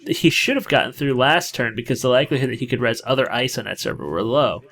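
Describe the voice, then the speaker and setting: A man co-commentating a card game match, animated and quick to question the players' choices. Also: mid-range voice. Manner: animated, second-guesses plays, exclaims at players. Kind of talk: casual tournament commentary.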